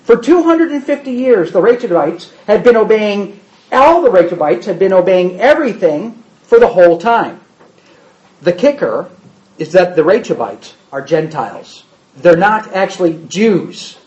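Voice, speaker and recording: A man with a high voice preaches a sermon, reading scripture aloud and stopping to explain it with quick asides. The recording sounds roomy and a little dull. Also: expressive, darkish tone. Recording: roomy, slightly muffled.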